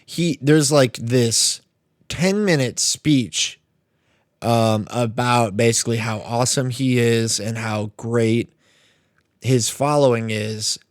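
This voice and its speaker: A man's voice: medium pitch, slow pace, dry recording, clean studio sound. A young man co-hosting a podcast, chatting casually about movies in a rambling way, full of fillers and swearing. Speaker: podcast co-host.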